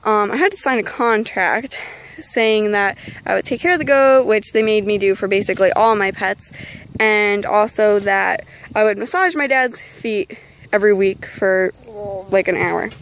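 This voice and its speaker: A woman's voice: mid-range voice, moderate pace, slight background noise, rough recording. A teenage girl chatting casually outdoors beside an animal pen, rambling with frequent ums. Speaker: vlogger. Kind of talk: casual chat.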